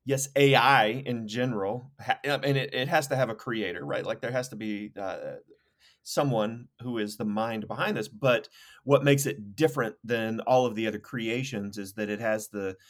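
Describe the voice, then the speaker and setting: A man's voice: medium pitch, moderate pace. A man co-hosting a podcast, talking through ideas casually and enthusiastically, with many fillers and restarts. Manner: enthusiastic, thinking aloud with fillers. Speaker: podcast co-host. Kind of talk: casual conversation.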